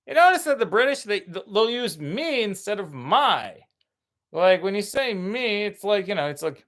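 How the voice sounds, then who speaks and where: A man from Ireland doing a rambling, profane stand-up routine, breaking into loud, high-pitched impressions. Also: big pitch swings, moderate pace. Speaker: stand-up comedian.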